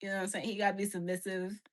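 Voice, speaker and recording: A woman's voice: mid-range voice, little pitch movement, fast talker. A woman in her twenties chatting casually on a livestream, frank and blunt, laughing often and talking in slang. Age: 20s.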